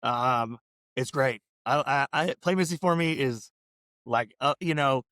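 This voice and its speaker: A man's voice: medium pitch, a little slow, a bit bright, dry recording. A man co-hosting a casual film podcast, telling stories in a rambling, laid-back way with lots of fillers. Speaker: podcast co-host.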